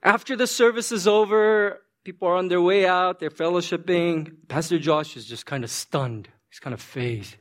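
A male pastor preaching a sermon, telling an animated story that he acts out and checking in with his listeners. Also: on the high side, normal speed.

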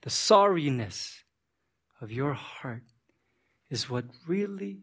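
High-pitched guy pastor giving a sermon, super lively up-and-down voice, acts stuff out. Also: slow pace, gravelly, slightly rough. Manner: animated storytelling, acts out scenes, checks with audience.

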